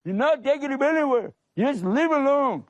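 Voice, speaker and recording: A man's voice: very high voice, lively intonation, brisk, no echo, voice pushed up. A man voicing a grieving old father in a storybook tale, firm and mournful. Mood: stern.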